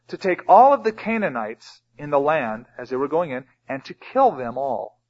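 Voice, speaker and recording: A man's voice: fairly high pitch, husky. A man preaching a sermon as pastor, emphatic and reading scripture aloud. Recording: dull lo-fi recording.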